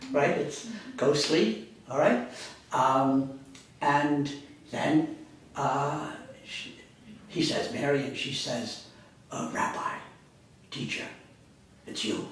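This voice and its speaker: Male lecturer, slightly high voice, meandering delivery, distant mic in a very echoey room. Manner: rambling, self-correcting, conversational. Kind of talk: university lecture. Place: classroom. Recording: echoey classroom, speaker far from mic.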